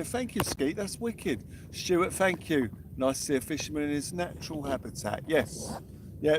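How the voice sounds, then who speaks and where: A young man keeps up a cheerful, chatty commentary as he fishes. He is out on a small boat at sea. A faint hiss of outdoor noise sits behind his voice. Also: a little high. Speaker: fishing vlogger. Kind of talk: live-stream commentary.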